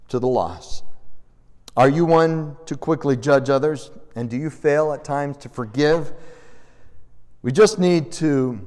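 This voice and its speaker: A man preaching a sermon as pastor, telling the story with animated, acted-out voices. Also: a little high. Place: church sanctuary. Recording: long church reverb.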